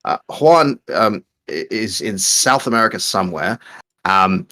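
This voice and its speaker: A man's voice: lowish voice, expressive, measured pace, bright, forceful tone. A man co-hosting a casual live stream, reading out viewer questions and joking as he rambles over a call.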